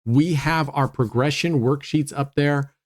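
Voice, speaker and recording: A man's voice: a little high, a little slow, a little mellow. A man hosting a casual gambling walkthrough from home, talking chattily and cheering and laughing when bets land. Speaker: casino strategy channel host.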